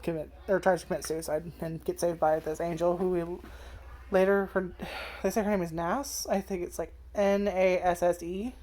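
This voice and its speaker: This anime reviewer, a young woman with a lowish, dark voice, speaks at a moderate pace with fairly even intonation. Her casual rant about an anime's first episode is profane and full of "like" and "um."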